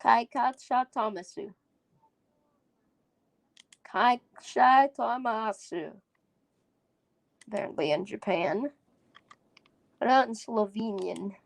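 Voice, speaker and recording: A woman's voice: a little high, takes it slowly, creaky, pauses often, no echo. A woman hosting a casual solo podcast, rambling and giggling as she sounds out foreign words. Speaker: podcast host.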